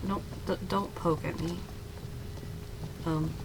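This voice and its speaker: A woman's voice: fairly low pitch, fairly even intonation, takes it slowly, vocal fry, background noise. A young woman giggling and swearing casually as she comments on a game, with hesitant fillers. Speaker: gamer. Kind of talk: casual let's-play commentary.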